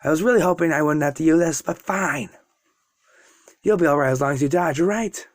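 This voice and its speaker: A man voicing a hot-headed teenage boy rival who yells in fury. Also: fairly high pitch, brisk, no echo, lightly acted. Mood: taunting.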